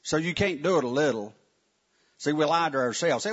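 A man preaches a sermon in a church, his voice leaping up and down as he stresses his points. His tone is folksy and direct, full of asides to the congregation, with a slightly husky edge. The recording is muffled and lo-fi. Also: medium pitch, lively intonation, brisk, a bit bright. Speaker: pastor. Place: church sanctuary. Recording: muffled lo-fi sound.

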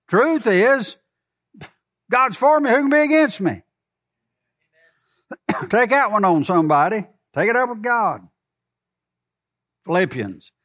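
A man with a high voice, preaching a sermon. He drives his points home with loud emphasis, then drops to soft, low asides, and keeps asking the congregation questions. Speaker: pastor.

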